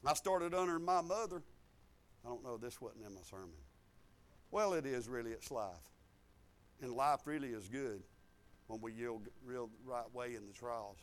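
A man, preaching a sermon in a folksy storytelling way that swings from low asides to loud emphatic lines. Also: normal speed, pauses often. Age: 50s. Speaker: pastor.

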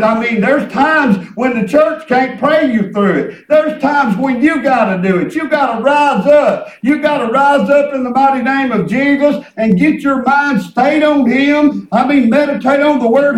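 A man preaching a sermon as pastor. He preaches with emphasis and hallelujahs, sometimes dropping to a low aside. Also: measured pace, echoey room, far from the mic, rough recording. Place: church sanctuary.

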